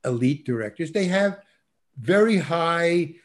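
A man's voice: on the high side, expressive, measured pace. An older man, a working actor, telling an anecdote as a guest and acting out the voices of the people in it. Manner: acts out quoted voices, laughs often. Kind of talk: animated storytelling.

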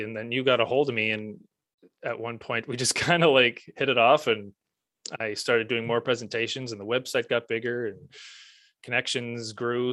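A man with a Prince Edward Island Canadian accent, a music teacher and author chatting as a guest in a relaxed way and trailing off softly at the ends of his thoughts. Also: medium pitch, dry recording, clean studio sound. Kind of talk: casual interview conversation.

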